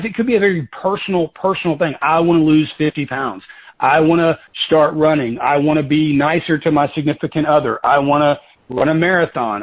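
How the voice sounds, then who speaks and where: Chatty man coaching over a tinny phone line. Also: on the high side. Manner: casual and conversational, keeps saying "guys", drifts into side stories. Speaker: sales team leader and mentor. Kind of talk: coaching talk on a conference call. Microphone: telephone.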